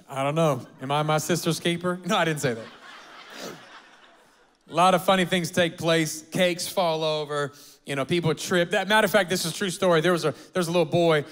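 A male pastor with a high voice preaches an energetic, joking sermon in a church auditorium. He calls out to the congregation and gets them to clap and repeat after him. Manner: energetic, humorous, rallies the congregation.

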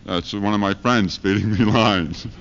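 A man with a fairly low voice and a slightly slow delivery works through a rambling, foul-mouthed stand-up routine with rhyming chants. He is a street preacher comedian playing to a university lecture hall audience. This 1970s live archive recording is dull and lo-fi, and the background is noisy.

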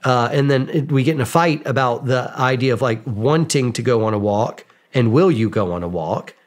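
A man, a podcast guest, telling casual stories about himself in a lively, self-mocking way, acting out bits of dialogue. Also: medium pitch, moderate pace. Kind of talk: casual storytelling. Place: podcast studio.

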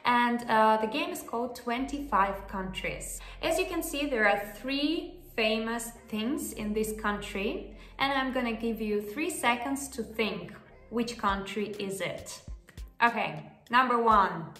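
A woman with a bright, high, animated voice hosts a casual language lesson. She speaks slowly and keeps asking the viewer "yeah?". Her voice echoes around the room over soft background music. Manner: chatty, often checks in with the viewer using "yeah?". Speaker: language teacher and channel host.

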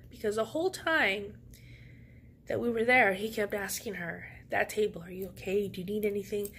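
Over slight background noise, a female vlogger recounts a story at normal speed in her mid-range voice. Her delivery is laid-back, sassy, slang-heavy and lively.

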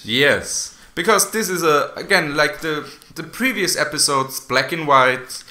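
A man's voice: on the high side, lively intonation, measured pace, sharp tone. A man from Austria with an Austrian German accent, hosting a casual podcast chat, talking loosely with frequent laughs and restarts. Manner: chatty, laughs often, many restarts. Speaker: podcast host.

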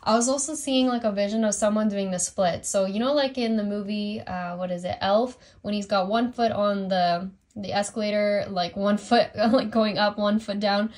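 A young woman talks through a tarot reading at home in a loose, rambling way. She leans on fillers and stops to apologize for her slips. Her pitch sits in the middle range. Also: steady tone, moderate pace, few pauses, darkish tone. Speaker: tarot reader. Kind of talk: casual tarot reading monologue.

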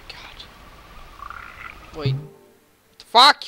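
A man playing through a game on a headset mic, his voice bright and jumping all over the place. He talks slowly between outbursts, then swears and shrieks at every scare. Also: a little high, a little hiss or hum. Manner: excitable, swearing, sudden yelps and shrieks. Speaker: let's play gamer. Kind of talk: gaming commentary. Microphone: gaming headset.

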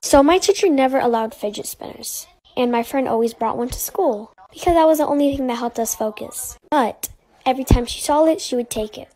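A woman's voice: sits high, brisk, dark tone, poor audio. A woman telling a casual storytime in a chatty, rambling way.

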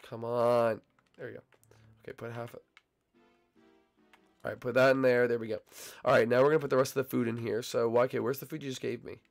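A young man casually commenting on his gameplay, bantering and teasing his teammates, his voice still a little hoarse as it recovers. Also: medium pitch, flat delivery, fairly quick, pauses often, soft background music. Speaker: gaming channel host.

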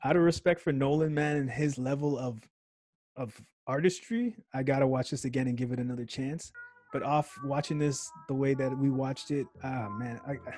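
A man's voice: mid-range voice, moderate pace, a little mellow, no echo, faint music behind. A man co-hosting a podcast, reviewing a movie in casual, slangy chat and laughing often. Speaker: podcast co-host.

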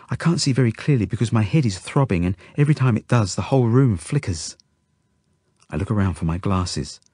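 A man narrates a children's novel in the first person, steady and intimate. His voice is low with a slight husk. The recording is dry and close. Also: slightly rough, no echo. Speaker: audiobook narrator.

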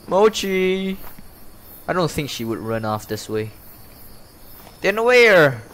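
A man's voice: on the high side, sing-song, takes it slowly, fairly bright tone, a little hiss or hum. A man commenting live on a horror game, frightened and jumpy, swearing, gasping and yelping as he explores. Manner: jumpy, frightened, swears a lot, yelps and gasps. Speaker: gamer playing a horror game.

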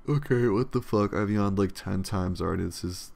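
A man's voice: on the low side, moderate pace, vocal fry, hardly any pauses, darkish tone. A young man giving casual, rambling gameplay commentary, swearing freely and yawning often. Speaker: let's play commentator.

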